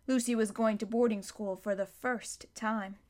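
Woman audiobook reader, fairly high voice, even and unhurried narration. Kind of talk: storybook narration.

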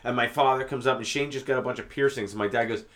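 A man's voice: mid-range voice, steady tone, fast talker, fairly bright tone. A man telling stories about his father in a casual podcast chat, swearing and laughing often. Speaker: podcast host.

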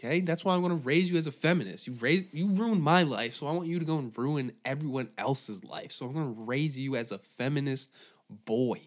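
A man hosting a podcast who rants in a profane, rambling, animated way. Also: medium pitch, fairly quick. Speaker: podcast host. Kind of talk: comedic rant.

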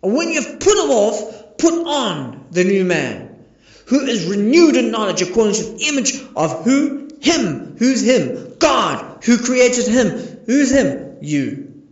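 A man preaching with a high, ringing voice, firing rhetorical questions at his congregation. The sound is echoey and a little dull, like a lo-fi recording in a reverberant room. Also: very animated, takes it slowly. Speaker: pastor. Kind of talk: sermon.

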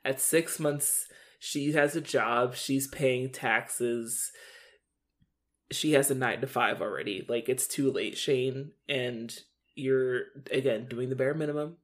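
Very low-voiced young woman podcaster. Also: slow pace. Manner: dry sarcastic ranting, laughs often. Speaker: podcast co-host. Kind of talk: casual recap chat.

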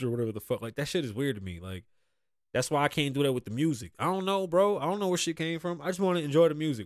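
A man's voice: medium pitch, fast talker, dry recording, studio quality. A man hosting a podcast in casual chat, rambling and swearing freely as he reads and reacts to stories. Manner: rambling, profane, laughs at his own stories. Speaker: podcast host.

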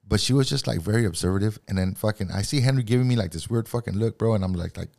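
A man's voice: on the low side, racing, vocal fry, dark tone. A man co-hosting a casual podcast, a profane, rambling storyteller who says bro and fool a lot. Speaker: podcast co-host. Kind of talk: casual chat.

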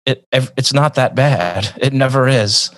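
A man speaks earnestly in casual conversation, his pitch sitting in the middle of the range. He often repeats words as he searches for what to say next. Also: measured pace, a bit bright, no room sound. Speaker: guest.

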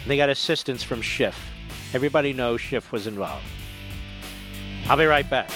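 A man's voice: mid-range voice, moderate pace, over music. Combative older male talk radio host. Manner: combative, sarcastic, builds to emphatic peaks. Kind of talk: political talk radio monologue. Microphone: studio microphone.

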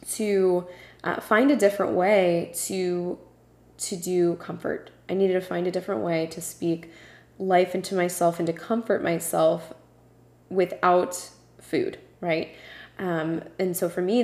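Earnest woman host in an echoey room. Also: fairly low pitch. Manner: earnest, passionate, with frequent um and uh. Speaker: podcast host. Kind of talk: solo podcast talk. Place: home room with a puppy nearby. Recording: roomy echo.

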